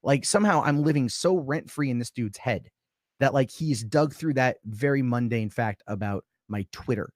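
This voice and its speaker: A man who is a guest on a live stream, answering accusations in a defensive, halting way and swearing often. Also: medium pitch, no echo, studio quality.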